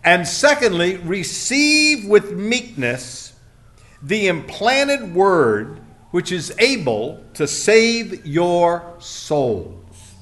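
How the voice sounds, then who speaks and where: A man's voice: high voice, very animated, drawn-out words, fairly bright tone. A man preaching a sermon, telling folksy stories and acting out the people in them. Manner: folksy storytelling, acts out quoted voices. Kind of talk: sermon with anecdotes.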